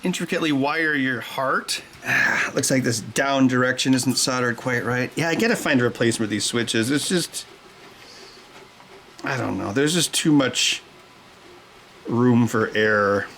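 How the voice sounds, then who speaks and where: A man's voice: mid-range voice, measured pace, a bit bright, slight background noise. A man hosting a workshop vlog, rambling offhand while he wires up a controller. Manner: rambling, offhand, jokey asides. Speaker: host.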